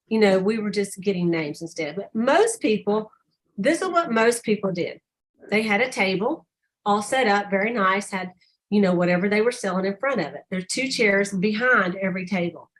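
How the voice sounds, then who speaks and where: An older woman leading a sales team call, telling stories animatedly and acting out customers' lines in a higher voice. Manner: animated storyteller, acts out customer dialogue in a higher voice.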